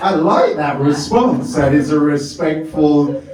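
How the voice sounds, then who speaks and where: Middle-aged comic in an echoey club. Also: male voice, a little high, expressive, measured pace, heavy background noise. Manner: rambling self-mocking with frequent laughs and filler. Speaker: stand-up comedian. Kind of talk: stand-up comedy set. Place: comedy club stage. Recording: echoey club from far off with crowd.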